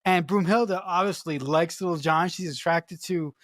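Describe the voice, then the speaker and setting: Excitable podcast cohost, mid voice, laughs and swears a lot, dry sound. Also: mid-range voice, normal speed, no echo. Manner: excitable, laughs and swears while retelling scenes. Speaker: podcast co-host. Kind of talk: casual film review chat.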